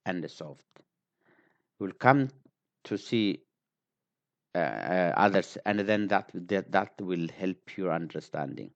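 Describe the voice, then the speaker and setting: Slow, very deep-voiced man teaching. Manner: patient, repeats example words, frequent fillers. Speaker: language teacher. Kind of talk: slow spoken lesson. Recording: dull lo-fi recording.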